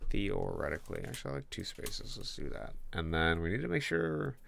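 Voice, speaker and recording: A man's voice: lowish voice, very animated, a little fast, vocal fry, fairly bright tone, a little hiss or hum. A man streaming as he codes a game, thinking aloud in a casual, rambling way and joking with his viewers. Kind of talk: casual live-stream talk while coding.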